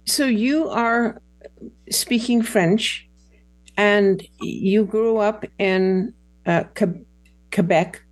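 A woman's voice: mid-range voice, extremely slow, dry recording. A woman hosting a casual interview, curious and playful as she asks questions.

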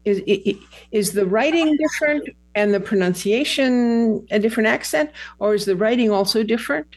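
A woman's voice: fairly high pitch, lively intonation, moderate pace, no room sound. Curious woman host, playful. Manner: curious and playful, asking questions. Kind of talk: casual interview.

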